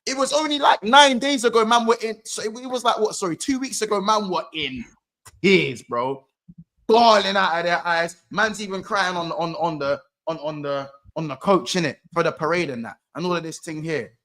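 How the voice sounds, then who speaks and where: A man's voice: high-pitched, normal speed, fairly bright tone. A man co-hosting a casual football chat, emphatic and repeating his points. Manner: emphatic, repetitive, slangy. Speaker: podcast co-host. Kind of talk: casual banter.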